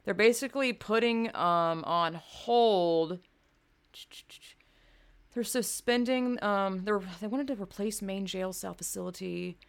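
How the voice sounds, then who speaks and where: A woman's voice: medium pitch, slow pace, clear, resonant tone. A woman from the American South, ranting in a casual, profane, rambling way, full of fillers. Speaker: vlogger. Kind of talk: casual rant to camera. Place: home in California.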